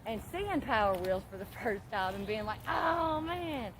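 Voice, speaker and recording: A middle-aged woman vlogging, telling an animated story in casual, profane talk and laughing often. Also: mid-range voice, moderate pace. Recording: steady background noise.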